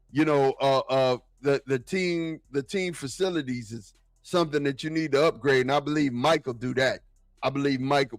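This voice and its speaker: A man talking football in a casual, excitable, slangy way, often repeating himself. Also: a little high, no room sound. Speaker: football podcast guest. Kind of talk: casual sports talk.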